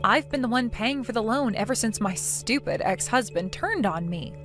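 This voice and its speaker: A defiant young daughter-in-law mocks and needles in a high, animated voice, voiced by a woman. She sounds sarcastic. Soft music plays behind her. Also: normal speed, close to an everyday voice. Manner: sarcastic, mocking. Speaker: narrator of the story.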